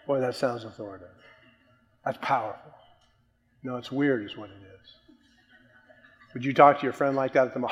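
A male preacher delivers an emphatic sermon at an ordinary middle pitch. He hits some words hard and lets others sink low and soft. His voice rings with the long reverb of a large hall. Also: normal speed, long pauses. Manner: emphatic, swinging between loud stresses and quiet drops.

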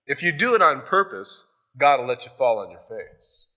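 A man's voice: mid-range voice, very animated, normal speed, sharp tone. A male pastor giving a sermon in a loose, conversational storytelling way, often adding "you know".

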